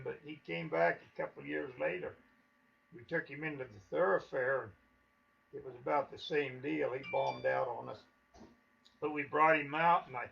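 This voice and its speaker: A man's voice: mid-range voice, gravelly, a bit bright, muffled recording. An older man telling stories from his life in a folksy, chuckling way. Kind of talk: casual spoken reminiscence.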